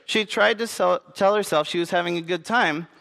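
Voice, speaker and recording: A man narrates a story aloud, earnest and gentle, at times turning to his listeners. His voice sits a little high for a man, and a long reverb rings after it. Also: normal speed, creaky.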